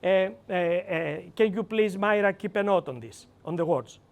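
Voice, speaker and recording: A man with a Greek accent leading a live seminar, emphatic and animated, acting out quoted lines and calling on audience members by name. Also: sits high, moderate pace. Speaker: seminar trainer.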